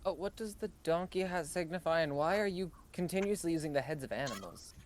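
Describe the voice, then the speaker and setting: A man's voice: on the high side, expressive, fairly quick. A man playing in a tabletop game, asking cheeky, joking questions. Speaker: player. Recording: faint background noise.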